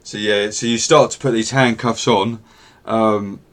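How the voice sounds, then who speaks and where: Low-ish guy running a tabletop game, rambly and laid back. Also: a little slow. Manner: relaxed and rambling, with many fillers. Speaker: game master.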